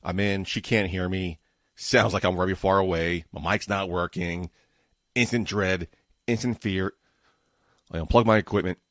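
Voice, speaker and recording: Man, 40s, New York accent, low pitch, quick ranting delivery, dry close sound. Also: fairly even intonation, a bit bright, dry recording. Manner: fast-talking, tends to mumble and trip over words; exasperated ranting. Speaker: podcast host. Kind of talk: casual solo podcast chat. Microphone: home podcast microphone setup.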